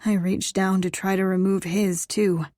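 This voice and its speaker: A woman narrating a first-person audiobook in an unhurried, intimate way. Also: mid-range voice, level tone, warm tone, dry recording, clean studio sound.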